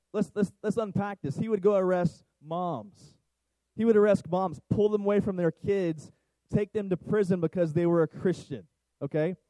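A man's voice: high-pitched, mellow, no room sound, low-quality recording. A middle-aged man preaching a sermon, talking conversationally and asking the congregation questions. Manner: conversational, asks the crowd questions. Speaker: pastor.

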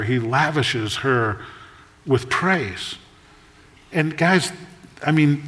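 A man in his sixties preaching a sermon, storytelling in a conversational way with jokes and quick asides. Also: medium pitch, a bit bright. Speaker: pastor. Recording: long echo of a large hall.

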